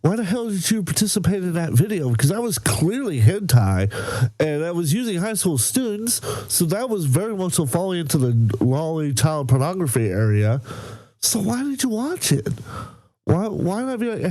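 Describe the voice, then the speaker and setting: A man's voice: high voice, very animated, moderate pace, dark tone, no echo. A man hosting a reaction video in casual, blunt commentary, still sick, with audible breathing and an incredulous, profane way of talking.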